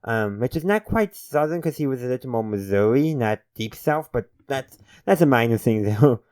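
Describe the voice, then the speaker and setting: A man with a smooth, clear voice talks through an episode review in a loose, meandering way, correcting himself and chuckling as he goes. His voice sits at an ordinary middle pitch. The sound is close and dry, with no room echo. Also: lively intonation, normal speed, a little mellow. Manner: rambling, self-correcting, chuckling; friendly sign-off to viewers. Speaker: TV episode reviewer, channel host. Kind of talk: casual spoken review.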